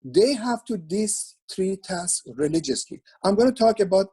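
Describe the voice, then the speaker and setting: Guy with a husky voice walking realtors through a plan on a zoom call, earnest, keeps repeating himself. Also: sits high, animated, normal speed, warm tone, low-quality recording. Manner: earnest, repetitive instructing with frequent restarts. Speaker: webinar speaker for realtors. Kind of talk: presentation over a video call. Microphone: video call.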